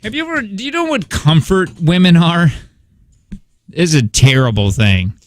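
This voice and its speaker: A man's voice: on the high side, sing-song, moderate pace, no echo. A man hosting a morning radio show, joking and laughing often through rambling casual banter in a studio. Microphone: studio microphone.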